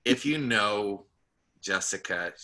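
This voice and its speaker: A man's voice: fairly low pitch, animated, pushed and bright. Tearful man introducing a guest. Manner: tearful, choked up, halting. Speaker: host of a team video call. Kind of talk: emotional casual introduction.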